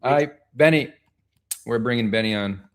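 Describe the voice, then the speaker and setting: A man from Israel hosting a casual livestream discussion, with friendly, quick interjections. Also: medium pitch, heavy background noise. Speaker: livestream host.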